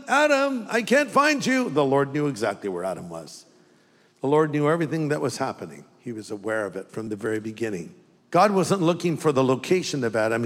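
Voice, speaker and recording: Older male preacher, slightly high voice, conversational sermon, long church reverb. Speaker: pastor.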